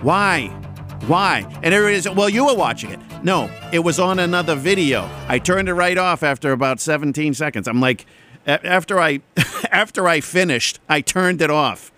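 With a fairly high, sharp voice and a fairly quick pace, this host wanders through a sarcastic comic monologue while faint music plays behind him. He keeps veering off on tangents and imitating people in mocking voices.

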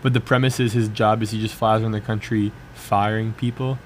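In a lowish, level voice, a young man co-hosting college radio talks fairly quickly, wandering through casual conversation. He leans heavily on filler "like"s and tends to trail off, and a faint hiss or hum sits underneath.

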